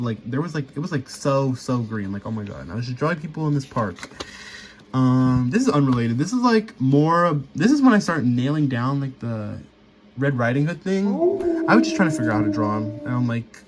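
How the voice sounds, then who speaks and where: A man's voice: mid-range voice, a little hiss or hum. A young man rambling casually through a sketchbook tour voice-over, full of fillers and restarts. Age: young adult. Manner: rambling, filler-heavy, chatty. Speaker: vlogger.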